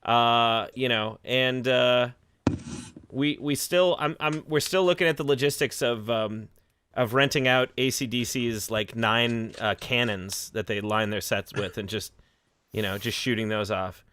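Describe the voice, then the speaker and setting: A man's voice: medium pitch, unhurried, a bit bright, smooth, no room sound. A man hosting a casual livestream podcast over a video call, chatty, with frequent laughs and restarts.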